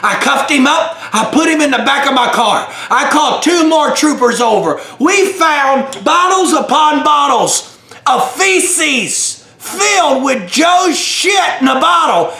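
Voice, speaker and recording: Loud high-voiced man ranting. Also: lively intonation, unhurried. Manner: loud, shouting, profane rants. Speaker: comedic hot sauce reviewer playing a retired state trooper. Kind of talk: comedic storytelling. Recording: roomy echo.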